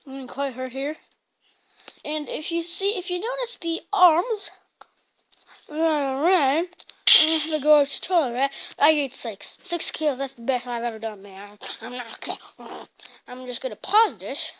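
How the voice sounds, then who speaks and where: A woman giving casual gameplay commentary in an excitable way, blurting out mild swears as she plays. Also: high-pitched, normal speed. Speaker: gaming channel host. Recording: loud game music over the voice.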